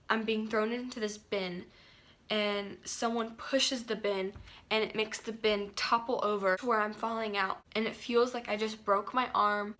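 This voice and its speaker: Bright-voiced teen girl telling a story. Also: mid-range voice. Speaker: vlogger. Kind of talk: casual storytime retelling a dream.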